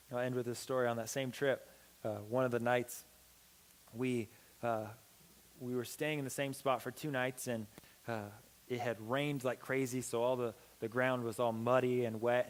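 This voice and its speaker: A young man giving a youth sermon as a pastor, telling a story with lively acted-out dialogue. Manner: animated, acts out quoted dialogue with big pitch swings. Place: church hall. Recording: long hall reverb.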